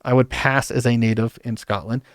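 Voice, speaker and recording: A man's voice: medium pitch, steady tone, moderate pace, no echo, clean studio sound. A man hosting a podcast, talking through a casual book review in a rambling, conversational way with asides. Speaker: podcast host.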